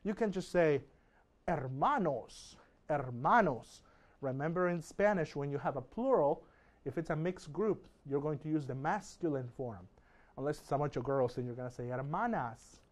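A middle-aged man leads a recorded distance-learning lesson in a friendly, playful, chatty way. His voice sits on the higher side for a man. He slows right down to model each word. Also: a little mellow. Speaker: Spanish teacher.

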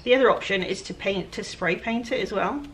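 Brisk and medium-pitched, a chatty Welsh furniture flipper vlogs over noise from an outdoor work area with flies, talking to viewers while she works and making fun of herself. It's casual DIY narration captured on a low-quality recording.

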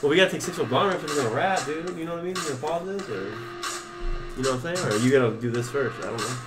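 A man in his twenties co-hosting a podcast in casual chat, high and rambling, with lots of profanity. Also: racing, over music. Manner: rambling, profane, laid-back, trails off. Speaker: podcast co-host.

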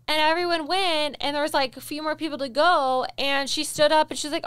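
A woman hosting a casual interview, emphatic and encouraging, telling stories in an animated way. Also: high-pitched, brisk, few pauses, dry recording. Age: adult, with a daughter. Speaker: podcast host.

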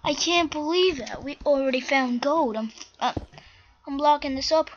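High-voiced woman narrating her game, lo-fi. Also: moderate pace. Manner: chatty, easily flustered, bursts into panicked shouts. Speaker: gaming channel host. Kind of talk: casual game commentary. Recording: dull lo-fi mic with faint noise.

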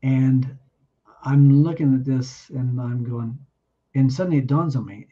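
A man recounts his personal testimony in an earnest, halting manner, often circling back to restart a thought. His voice is mellow and a little husky. The audio is somewhat muffled. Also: mid-range voice. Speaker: guest giving testimony.

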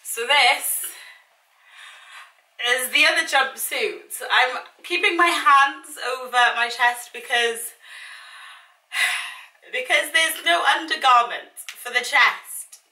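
Heard from afar in a room full of echo, a young female vlogger in her twenties talks through a casual try-on haul at home. She speaks slowly in a high, sharp voice, leaving long pauses, and her tone is dramatic, self-mocking and exasperated.

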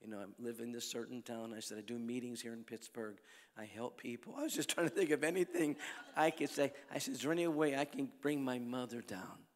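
An older man preaching at a crusade, telling folksy stories in a sermon that swings from soft talk to loud exhortation. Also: medium pitch, brisk. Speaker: evangelist preacher. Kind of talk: sermon with storytelling. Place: large church or arena at a crusade. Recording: long hall reverb.

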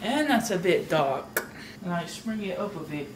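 A woman chatting casually to camera in her home kitchen, slangy and thinking out loud, now and then slipping into a put-on British accent. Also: lowish voice, sing-song, normal speed, background noise. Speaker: vlogger. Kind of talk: casual vlog chat.

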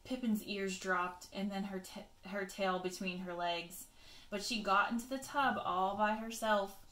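A woman teacher reading a picture book aloud to children, expressive, with chatty asides to her pupils. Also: medium pitch, measured pace, echoey room.

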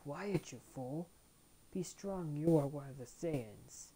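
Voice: medium pitch, lively intonation, normal speed, lightly acted. A woman voicing a harsh, cruel male alien warrior villain from a cartoon, stern and commanding.

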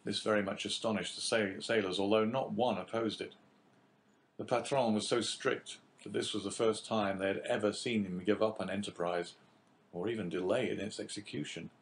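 Brief: male audiobook narrator, low voice, measured steady reading. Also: a little hiss or hum. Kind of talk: classic novel audiobook narration.

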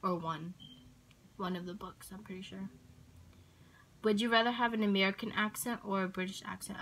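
Brief: casual woman vlogger, mid-pitched, hesitant and chatty. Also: fairly bright tone, rough recording. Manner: rambling, hesitant, with many ums and likes. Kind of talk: casual Q&A tag video.

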